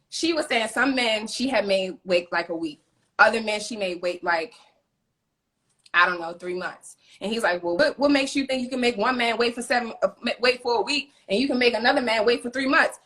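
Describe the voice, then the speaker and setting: A woman's voice: on the high side, fairly quick. A woman co-hosting a casual chat, talking emphatically and acting out the people she retells. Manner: emphatic, animated retelling with quoted voices. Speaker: co-host.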